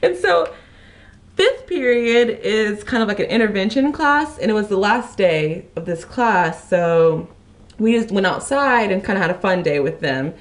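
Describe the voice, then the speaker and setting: A woman's voice: medium pitch, animated, moderate pace. A young woman with a Kentucky accent telling a rambling story to her vlog, full of restarts and "like.". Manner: rambling, many restarts, lots of "like". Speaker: vlogger.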